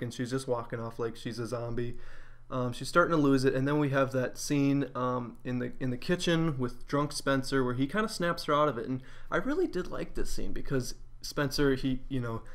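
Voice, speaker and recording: A man giving a casual spoken episode review, rambling with lots of fillers. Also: mid-range voice.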